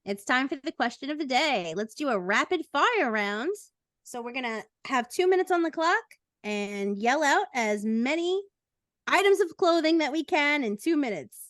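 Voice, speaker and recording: A woman's voice: sits high, animated, a bit bright, no room sound. A woman co-hosting a podcast in casual chat, playful and jokey. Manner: playful, jokey, quick to laugh. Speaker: podcast co-host.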